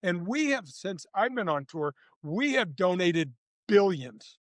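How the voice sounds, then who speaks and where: High-voiced rambling man in his sixties. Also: big pitch swings, slow pace, no room sound. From St. Louis, USA. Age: 60s. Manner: rambling, restarts, acts out quotes, teasing. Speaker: retired tour golfer, guest. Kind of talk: casual storytelling interview.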